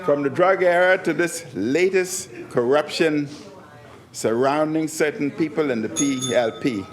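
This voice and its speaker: A man's voice: a little high, measured pace. A man giving a parliamentary speech, stressing points by repeating phrases. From Bahamas. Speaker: member of parliament. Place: parliament chamber.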